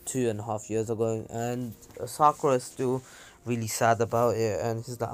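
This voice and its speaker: A man casually retelling a fan story, rambling with fillers and frequent throat clearing. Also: medium pitch, flat delivery, moderate pace. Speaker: channel host.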